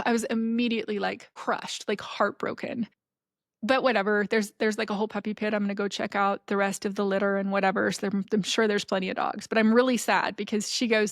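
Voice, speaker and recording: A woman hosting a podcast, telling a personal story in a chatty, animated way with many fillers. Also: mid-range voice, a little fast, dry recording, studio quality. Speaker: podcast host.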